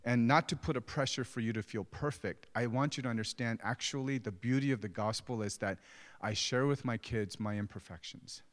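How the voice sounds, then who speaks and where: A man's voice: medium pitch, a little fast. A middle-aged man preaching as a pastor, conversational and self-deprecating as he tells stories about his own family. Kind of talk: sermon. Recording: long hall reverb.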